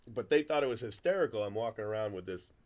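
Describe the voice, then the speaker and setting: A man's voice: lowish voice, a little mellow. A middle-aged man hosting a card break, chatting casually and telling rambling stories full of restarts. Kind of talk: casual chat while opening cards.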